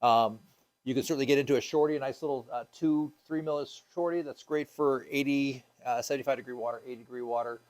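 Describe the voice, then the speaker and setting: A man's voice: mid-range voice, steady tone, fast talker, a little mellow. Casual upbeat male scuba instructor. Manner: casual and upbeat, many ums and uhs, asks the class questions. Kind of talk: classroom teaching.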